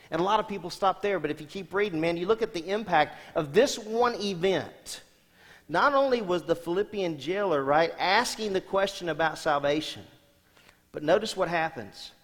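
Pastor preaching in a reverberant hall. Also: male voice, fairly high pitch, normal speed. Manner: asks the congregation rhetorical questions; swings between loud emphatic lines and quiet soft ones. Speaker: senior pastor. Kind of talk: sermon.

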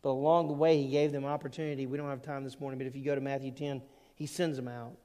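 A man preaching a sermon as pastor, earnest, with emphatic rising peaks and quieter asides. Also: medium pitch, little pitch movement, quick pace. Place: church sanctuary. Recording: long reverb of a church hall.

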